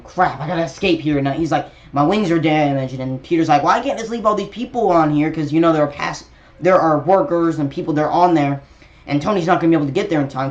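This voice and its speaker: A man's voice: on the high side, dull audio. A young man casually breaking down a movie trailer for his video channel, rambling with lots of fillers and restarts. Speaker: YouTube trailer reviewer.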